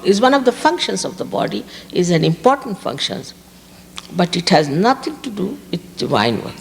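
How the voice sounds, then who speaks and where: A woman's voice: medium pitch, long reverb tail, slight background noise. Emphatic woman giving a spiritual talk. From India. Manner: emphatic, repeats key words. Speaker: spiritual teacher. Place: outdoor park gathering.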